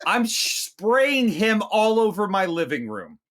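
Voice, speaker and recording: Animated high-voiced man riffing crudely. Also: measured pace. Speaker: podcast co-host. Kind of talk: casual comedic movie review.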